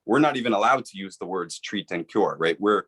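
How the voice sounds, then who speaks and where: Earnest low-voiced man explaining. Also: expressive, a little fast, fairly bright tone, husky. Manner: earnest, persuasive, repeats "right?". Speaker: author and guest. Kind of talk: explanatory interview talk.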